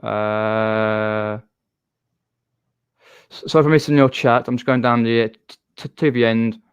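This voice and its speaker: A man's voice: medium pitch, fairly even intonation, unhurried, smooth, no room sound, muffled recording. A man with a Southern English accent hosting a live stream, chatting casually with a guest and reading out viewer comments. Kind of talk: casual chat.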